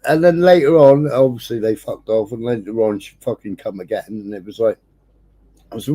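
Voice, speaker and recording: A man's voice: medium pitch, normal speed. Sweary man telling a story. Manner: swears constantly, animated storytelling. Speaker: livestream host. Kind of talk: casual chat. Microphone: streaming setup.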